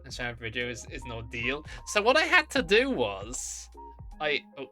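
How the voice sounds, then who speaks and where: A streamer with a bright, forceful voice, bubbly and full of silly exclamations while greeting chat. The pitch stays in the middle range. Faint music plays in the background. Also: huge pitch swings, moderate pace.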